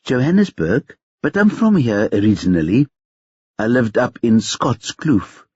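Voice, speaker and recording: A man's voice: medium pitch, very animated, measured pace, darkish tone, breathy edge, no echo. A man voicing a young street-smart man who speaks in a carefully rehearsed, polite way. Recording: dull lo-fi dry recording.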